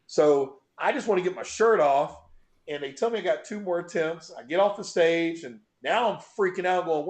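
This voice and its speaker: A middle-aged man who holds a bench press record tells a story as a guest on an interview show, his voice sitting high and his pace moderate. He's animated and profane, acting out each moment loosely, and the room gives the recording a noticeable echo.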